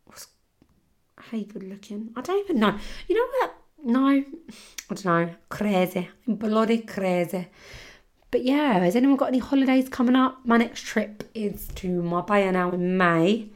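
A young woman hosts her own podcast, chatting casually and rambling with lots of "like", her voice a little rough from a sore throat. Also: medium pitch, expressive, moderate pace. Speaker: podcast host. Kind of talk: casual solo podcast chat.

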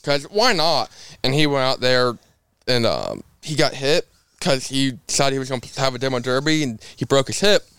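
A man's voice: mid-range voice, moderate pace, clear, resonant tone, no echo. A young man from Indiana, a race car driver, telling stories in a casual podcast interview and acting out the quotes. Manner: lively storyteller who acts out quotes.

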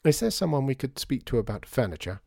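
A man's voice: medium pitch, big pitch swings, fast, creaky, mellow, no room sound, studio quality, pitched above the performer's own voice. A man reading a story, voicing a decisive, particular young man. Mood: fussy. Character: fussy young man choosing dresses.

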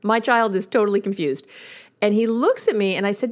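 A woman's voice: medium pitch, animated, a little fast. A woman hosting a podcast as a couples therapist, telling a story about her young son in a chatty way, laughing at herself and swinging her voice up when she relives moments. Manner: chatty storytelling with frequent laughs and self-mockery. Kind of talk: casual podcast monologue.

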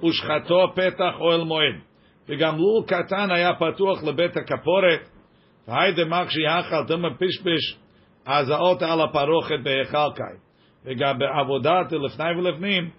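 A man teaching a text study class, reading passages quickly and translating them line by line, joking with his students. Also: on the high side. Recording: dull lo-fi recording.

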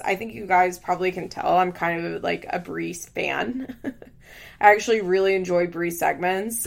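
Gravelly-voiced woman chatting frankly. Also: medium pitch. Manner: frank and opinionated, swears casually, fillers like "like". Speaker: reality TV recap host. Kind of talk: casual recap chat.

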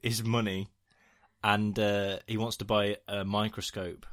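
A man's voice: fairly low pitch, flat delivery, measured pace, a bit bright. A man co-hosting a podcast, recapping a TV episode in a rambling, jokey way. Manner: rambling, jokey, acts out lines in silly voices. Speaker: podcast co-host. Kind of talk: casual chat recapping a TV episode.

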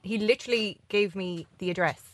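A woman co-hosting radio, excitable and dramatic. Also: medium pitch, fairly quick. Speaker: radio co-host. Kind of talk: casual radio banter.

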